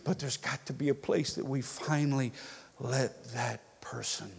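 A man preaching a sermon, dropping to hushed prayer and rising to loud, emphatic storytelling. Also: medium pitch, steady tone, measured pace, vocal fry, long reverb tail, slight background noise. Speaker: pastor.

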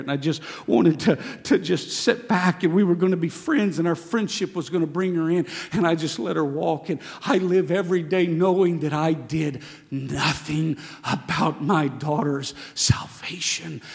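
Young male pastor, gravelly, whisper-to-shout delivery, reverberant church hall. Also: fairly high pitch, moderate pace, few pauses. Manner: swings from hushed whispers to shouted exhortation. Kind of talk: sermon.

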